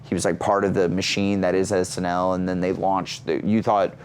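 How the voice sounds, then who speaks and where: Man, 30s, comedian guest; lively self-mocking storyteller, slightly low voice, faint room hum. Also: fairly quick. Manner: energetic, self-mocking, squeals into high voices for quoted lines. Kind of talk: animated storytelling in an interview.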